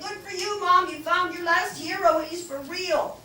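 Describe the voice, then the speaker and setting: An older woman giving a lively storytelling talk to a club, acting out the voices she quotes. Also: very high voice, normal speed, few pauses, a little hiss or hum. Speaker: guest speaker. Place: club meeting room. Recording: echoey room, mic from far off.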